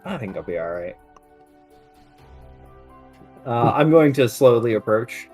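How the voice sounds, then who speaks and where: A male player in a tabletop game, speaking hesitantly and stammering at times. His mid pitch moves in a lively way, with faint music behind him. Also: a little fast. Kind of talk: casual game play.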